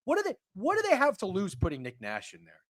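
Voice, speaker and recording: A man co-hosting a casual sports stream, swinging between loud outbursts and muttered asides. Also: high-pitched, huge pitch swings, fast talker. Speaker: co-host of a sports betting stream. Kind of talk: casual profane sports chat.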